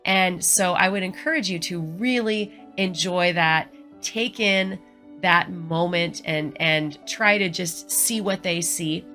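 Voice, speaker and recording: A woman's voice: fairly low pitch, sharp tone. A middle-aged woman vlogging travel advice in an earnest, encouraging, chatty way. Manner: earnest, encouraging, chatty with frequent "you know". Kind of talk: casual advice vlog.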